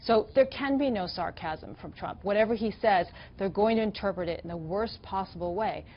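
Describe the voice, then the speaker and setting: A woman's voice: medium pitch, normal speed, muffled recording, slight background noise. Assured middle-aged woman journalist, mid-range voice. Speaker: political journalist. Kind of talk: TV panel discussion.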